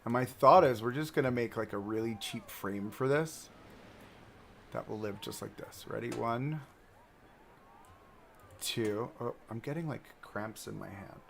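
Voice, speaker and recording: A man's voice: mid-range voice, a little slow, vocal fry, long pauses, a bit bright, a little hiss or hum. A man casually talking through a theme park building game on a livestream, rambling to himself and to the objects he places. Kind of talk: casual gameplay commentary.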